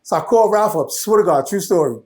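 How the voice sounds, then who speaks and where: Animated New man telling stories. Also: sits high, fast talker. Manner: animated, laughing, many restarts. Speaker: guest. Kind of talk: casual storytelling.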